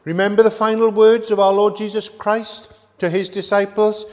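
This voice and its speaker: A middle-aged man preaching a sermon, earnest and measured, pausing often with ums. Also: high voice, little pitch movement. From Wales. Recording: echoey hall with long reverb.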